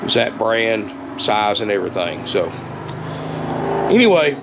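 A man giving a casual, folksy sales pitch for an RV, repeating himself and calling viewers "guys". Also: sing-song, measured pace, vocal fry, background noise. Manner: folksy, repetitive, keeps saying "guys".

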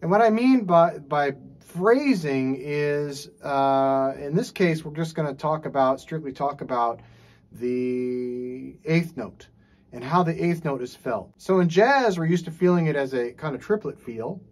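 A man teaching jazz drums in a relaxed, casual way, scat-singing rhythms and checking in with frequent "okay"s. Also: a little high, a little slow. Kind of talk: casual instructional talk. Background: drum playing.

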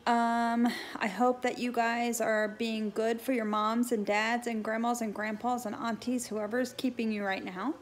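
A woman's voice: fairly high pitch, flat delivery, a little slow, hardly any pauses. A woman school staff member sending a video message to young pupils, talking with fillers.

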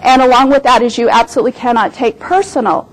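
A woman's voice: a little high, fast, rough recording. Emphatic middle-aged woman lecturing. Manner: emphatic, repeats points for stress; animated storytelling. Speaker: guest speaker, business owner. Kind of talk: lecture with personal stories.

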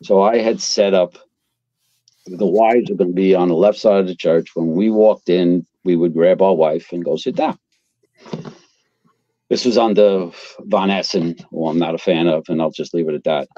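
An older New man with a low voice tells stories in a blunt, salty way. He sounds mellow and dry, close to the mic. The recording is dull and lo-fi. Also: moderate pace, no room sound. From Queens, New York. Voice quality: blunt, profane, animated storyteller. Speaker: retired fire captain, guest. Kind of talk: casual storytelling interview.

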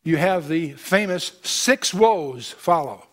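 A male Bible teacher works through scripture verse by verse, reading passages aloud and interrupting with pointed commentary. His voice is on the high side, expressive and a bit bright, delivered at a slow pace.

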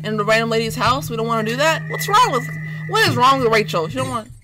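Goofy, jumpy woman gaming over loud music. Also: a little high, fast, rough recording. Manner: goofy and playful, baby-talk words; excitable, jumpy when scared. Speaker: gaming YouTuber. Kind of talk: horror game let's play commentary. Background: loud eerie game music.

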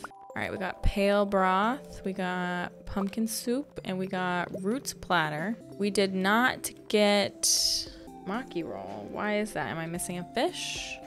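Woman, casual gameplay commentary, bubbly and chatty, middle pitch, faint game music behind. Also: slow, vocal fry. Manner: chatty, bubbly, gasps with excitement. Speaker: gaming video host. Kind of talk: casual let's-play commentary.

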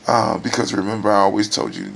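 A middle-aged man in a hospital room, weary and near tears, talking in a personal video diary with sighs and halting pauses. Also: fairly low pitch, creaky, slight background noise. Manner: emotional, sighing, halting. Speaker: vlogger.

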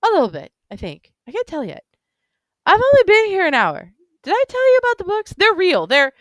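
A woman reading a novel aloud, voicing an excitable, drunk, stout middle-aged man in big spectacles who talks insistently and rambles. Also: extremely high pitch, fairly quick, dry recording, voice pushed up, heavily acted. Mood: rambling.

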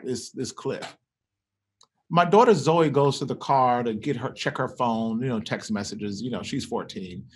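A middle-aged man, a pastor, telling a personal story in an earnest, animated way. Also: mid-range voice, slightly rough. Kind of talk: conversational storytelling.

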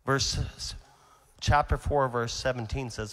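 A man's voice: a little high, moderate pace. Fervent preacher man in a big echoing hall. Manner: storytelling, swings from quiet to shouting. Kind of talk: conference sermon.

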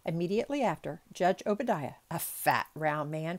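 A woman's voice: low-pitched, lively intonation, normal speed. A woman reading a classic novel aloud as an amateur audiobook, making chatty asides and stumbling over unfamiliar words. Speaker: audiobook reader.

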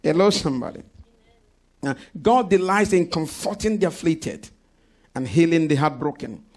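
A male pastor preaches a sermon in church, often calling out to his congregation. His voice sits a little high and has a gravelly edge. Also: lively intonation, normal speed. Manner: preaching with call-outs to the congregation. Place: church service.

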